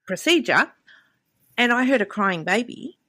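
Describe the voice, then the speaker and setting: A woman in her fifties chats candidly on a podcast, telling stories packed with quoted dialogue. Her voice is fairly high and animated, with a measured pace and a sharp tone, recorded with no room sound.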